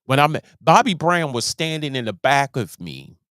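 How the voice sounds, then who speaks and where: A man's voice: mid-range voice, big pitch swings, normal speed, a bit bright, no room sound, studio quality. A man hosting a show, giving casual commentary in an emphatic way, often repeating and restarting his words. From Baltimore, USA. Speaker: host.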